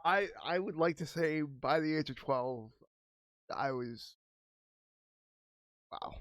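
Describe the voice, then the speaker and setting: A man co-hosting a relaxed podcast, speaking in halting bursts that often restart mid-sentence. His voice sits a little higher than most men's. The recording is dry and close. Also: dry recording. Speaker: podcast co-host. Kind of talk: casual chat.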